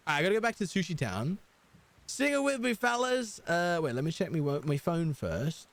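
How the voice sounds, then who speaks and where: A man's voice: a little high, very animated, a little fast, creaky. A young man streaming a video game, chatting casually and joking, humming and singing along to the music. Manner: rambling, jokey, hums and sings along to music. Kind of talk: casual gaming livestream chat.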